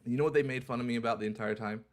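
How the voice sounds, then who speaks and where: A man's voice: mid-range voice, fairly even intonation, rapid-fire, soft background music. A young man hosting a livestream in a casual, upbeat way, repeating his phrases like an auctioneer. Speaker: livestream host.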